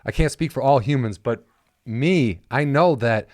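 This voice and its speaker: A man's voice: medium pitch, a little slow, no echo, clean studio sound. A man hosting a casual podcast, chatting loosely, poking fun at himself and swearing freely. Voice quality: self-deprecating, swears freely. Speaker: podcast host.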